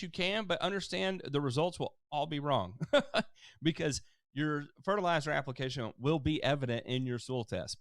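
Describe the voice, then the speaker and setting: A man's voice: mid-range voice, vocal fry, no room sound. Man in a mid-range voice, loose and chatty live-stream host, dry close recording. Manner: relaxed, explanatory, many fillers. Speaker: lawn care show host answering viewer questions.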